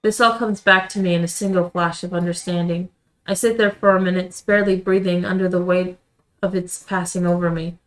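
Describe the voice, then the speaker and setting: A woman streamer reading a visual novel aloud in quiet, measured first-person narration. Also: lowish voice, steady tone, poor audio. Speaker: let's-play streamer.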